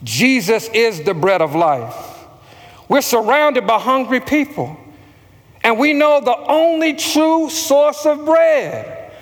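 A man's voice: extremely high pitch, sing-song, takes it slowly, long reverb tail. A man preaching a sermon as pastor, calling out questions for the congregation to answer back. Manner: preaching with call-and-response to the congregation.

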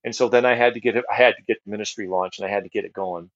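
A middle-aged man speaks in a lowish voice, telling his testimony earnestly, looping back on phrases and filling pauses. The sound is dry and a bit dull, like close podcast audio. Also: steady tone, dry recording. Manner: earnest storyteller, repeats phrases, many fillers and restarts. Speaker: guest ministry leader. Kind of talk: personal testimony in a podcast chat.

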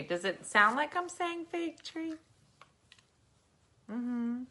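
A woman with a New Jersey accent hosts a casual podcast chat, a little tipsy and cooing sing-song at her dogs. Her voice sits on the high side with big pitch swings and a sharp tone, and she talks slowly with long pauses.

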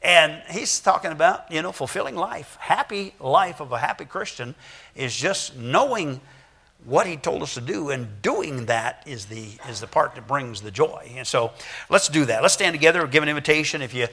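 A man's voice: fairly high pitch, expressive, moderate pace, sharp tone, slightly rough. An older man preaching a Sunday sermon as pastor, in a folksy, conversational way with many restarts. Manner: acts out children's voices in anecdotes.

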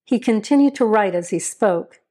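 A woman narrates a crime story in an even, measured reading. Her voice sits at a middle pitch for a woman.

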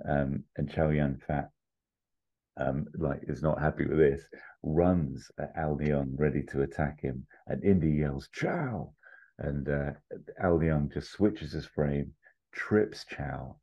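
Very deep-voiced man telling a story. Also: steady tone, takes it slowly, mellow. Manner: rambling, full of fillers and asides, chuckles at own jokes. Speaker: podcast host pitching a film story. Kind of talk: casual storytelling pitch. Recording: slightly muffled lo-fi audio.

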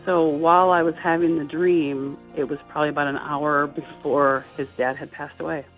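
A middle-aged woman, an interview guest, telling a personal story in a halting, heartfelt way with many fillers and restarts. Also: low-pitched, level tone. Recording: tinny phone-line sound with faint music.

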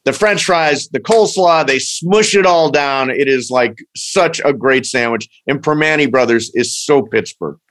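A man's voice: mid-range voice, a little slow, few pauses, fairly bright tone. A man from Pennsylvania hosting an interview, asking questions and chatting enthusiastically. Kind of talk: casual interview chat.

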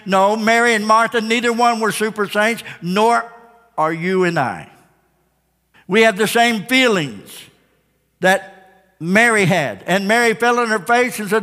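High, bright-voiced male preacher. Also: a little slow. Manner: dramatic storytelling, rhetorical questions to the congregation. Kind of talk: sermon. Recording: long hall reverb.

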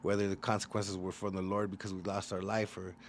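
Casting: rapid, low-voiced West Coast man, profane and animated, faint room hum. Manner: fast, profane, animated storytelling. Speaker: rapper guest. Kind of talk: casual interview chat.

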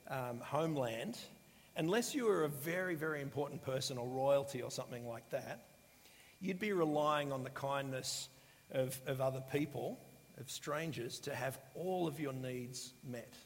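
A man preaching a sermon in a relaxed, conversational way, often pausing with fillers and restarting his sentences. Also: medium pitch. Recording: long hall reverb.

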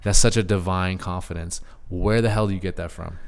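A man hosting a podcast, chatting casually, animated and joking, swearing now and then. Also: low-pitched, a little fast, gravelly, big-room sound. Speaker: podcast host. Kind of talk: casual interview chat.

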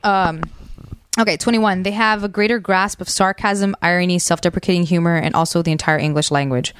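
A woman's voice: on the low side, fairly even intonation, brisk, smooth. A woman co-hosting a casual chat, reading points from a list and laughing often. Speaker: podcast co-host.

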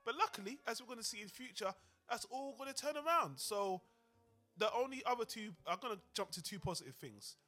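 A man's voice: high-pitched, expressive, brisk, sharp tone, faint music behind. A man co-hosting a film podcast, talking casually and animatedly, swearing freely and acting out lines from the movie. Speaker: podcast co-host.

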